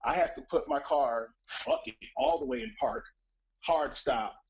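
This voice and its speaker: A man casually telling a story on a live stream, profane and animated, acting out the voices of other people. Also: a little high, a little slow, gravelly, highs cut off, a little hiss or hum.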